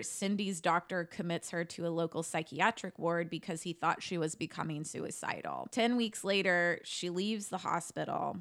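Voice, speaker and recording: A woman's voice: lowish voice, fairly bright tone, clean tone. A woman telling a true-crime case to her co-hosts in a casual, chatty way, swearing now and then and saying "like" a lot. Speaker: podcast co-host telling a case.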